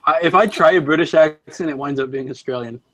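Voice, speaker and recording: A man's voice: on the high side, quick pace, a bit bright. A man from South Carolina with a Southern US accent, joking and teasing in a casual livestream chat. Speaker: guest on livestream.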